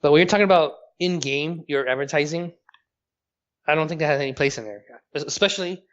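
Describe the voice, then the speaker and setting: A man's voice: a little high, quick pace, fairly bright tone. A man co-hosting a casual gaming chat over a call, blunt and opinionated, swearing as he makes his points. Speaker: podcast co-host. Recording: dull lo-fi call audio.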